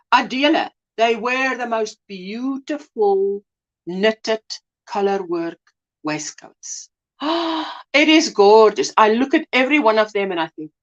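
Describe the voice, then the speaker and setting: A South African woman hosting a casual crochet livestream, chatty and gushing as she greets viewers. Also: highs cut off. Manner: chatty, gushing, lively swings in pitch. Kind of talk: casual live chat.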